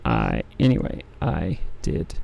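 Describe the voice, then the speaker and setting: With a rumbling low voice that swoops wildly in pitch, slow and gravelly yet a bit mellow, this livestream host talks into a desk mic. He cross-stitches as he chats, meandering and frequently starting sentences over.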